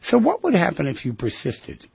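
A man's voice: a little high, wildly swooping pitch, normal speed, gravelly, slightly rough, no echo. A middle-aged man hosting a radio call-in show, counseling callers in a direct, coaxing, plain-spoken way. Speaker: radio call-in host and therapist. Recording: dry, muffled radio broadcast audio.

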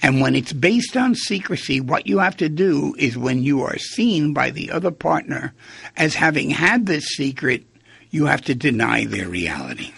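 Male talk host, very gravelly and raspy, dry close mic, reflective monologue. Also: a little high, expressive, normal speed, a bit bright, no room sound. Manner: musing, asks rhetorical questions, acts out quoted lines.

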